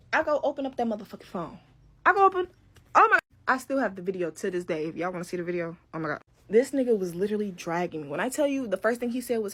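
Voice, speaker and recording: A woman's voice: mid-range voice, fast talker. A young woman telling a story in casual, profane talk, acting out what others said. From Detroit. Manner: animated, profane, quoting others in raised voices.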